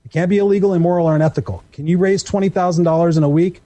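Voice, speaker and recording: A man's voice: high voice, very fast, no echo. A middle-aged man, a coach, telling stories with energy on a radio talk show and acting out the voices of people he quotes. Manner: animated storytelling, acts out quoted voices. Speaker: coach and guest.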